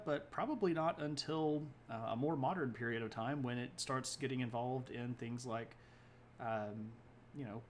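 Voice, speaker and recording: Male streamer host, mid-pitched, loose and rambling, corrects himself as he goes, faint hiss underneath. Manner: rambling, self-correcting, chats to viewers between points. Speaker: host of a history livestream. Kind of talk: casual livestream talk.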